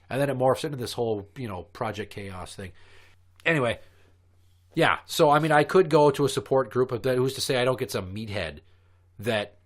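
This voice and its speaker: Male podcast co-host, mid-pitched, profane and heated storyteller. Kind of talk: casual podcast chat.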